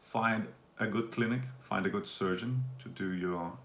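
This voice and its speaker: Speaking unhurriedly, this male vlogger from Denmark wanders through a laid-back video update, dropping fillers as he goes. His voice is low and gravelly, recorded in a room with echo and a soft ambient hum.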